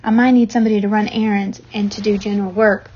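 A woman voicing a calm, wise female spider, heard on a dull lo-fi recording. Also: mid-range voice, breathy edge, close to an everyday voice. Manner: calm and deliberate.

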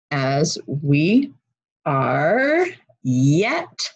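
A woman's voice: low-pitched, huge pitch swings, very slow, husky, rough recording. Chatty woman teaching a Bible study. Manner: chatty, self-interrupting, laughs at herself. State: runny nose. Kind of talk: casual recorded Bible lesson.

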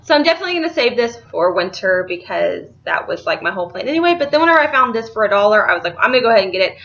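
A woman's voice: medium pitch, big pitch swings, racing, fairly bright tone, highs cut off. A young woman, chatting casually and rambling about books she bought, laughing easily. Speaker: book vlogger. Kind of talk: casual chat.

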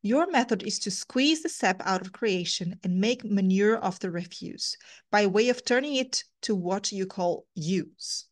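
A sardonic, contrary Englishman who scoffs at every sentiment, read out by a woman. His retorts come dry and cutting, at a middling pitch. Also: lively intonation, measured pace, natural voice. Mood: scoffing.

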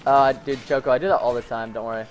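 A young man hosting a gaming channel, giving excitable gameplay commentary with lots of laughing and goofy stand-ins for swear words. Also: mid-range voice, quick pace, slight background noise. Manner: jumpy, laughing, mild cussing substitutes.

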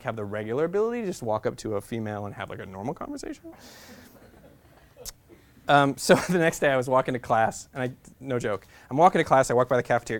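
A man telling a funny personal story as a guest speaker, in an animated, chatty way with frequent laughs. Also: mid-range voice.

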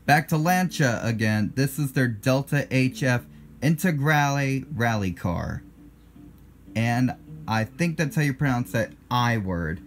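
A man's voice: mid-range voice, expressive, measured pace. A man in his twenties with an American accent hosts his own video, talking casually in a blunt, defensive way and correcting himself in asides. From United States. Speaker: channel host.

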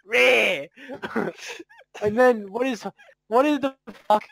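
A man's voice: very high voice, slow, creaky, fairly bright tone, no echo, poor audio. A young man chatting with friends while gaming, swearing heavily through a mocking rant. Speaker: gamer. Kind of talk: casual chat while gaming.

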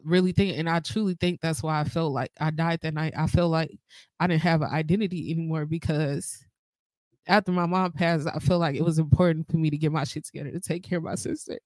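A woman co-hosting a podcast, talking haltingly and emotionally in a casual heartfelt conversation. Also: deep voice, fairly even intonation, a little mellow, dry recording. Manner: halting, emotional, fillers and restarts. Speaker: podcast co-host.

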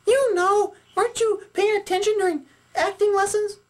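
A man's voice: very high voice, steady tone, normal speed. A man voicing a bossy, know-it-all female puppet who lectures and scolds in a puppet skit.

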